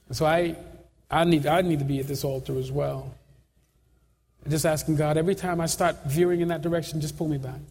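A middle-aged pastor leads prayer and issues an altar call in a big church sanctuary, pleading earnestly and circling back to the same phrases again and again. His voice sits on the high side with a darkish tone, echoing through a reverberant hall with faint ambience.

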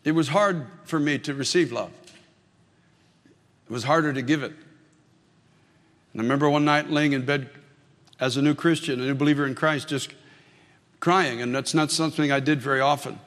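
A man's voice: on the high side, fairly even intonation, moderate pace, long pauses, fairly bright tone, in a large hall. An older man preaching a sermon as a pastor, earnest and emphatic, leaning on repeated phrases.

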